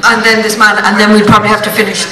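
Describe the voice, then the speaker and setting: A woman chairing a public debate, brisk and directive as she calls on the audience. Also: mid-range voice, little pitch movement, crowd noise. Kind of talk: moderating audience questions. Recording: echoey room, distant mic, audience around.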